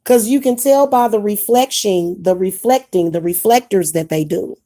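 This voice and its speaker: Woman, young adult, Kansas City accent, warm low-key timbre, candid vlogger rambling repetitively. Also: normal speed. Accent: Kansas City, Missouri. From Kansas City, Missouri. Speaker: witch vlogger. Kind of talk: casual vlog monologue.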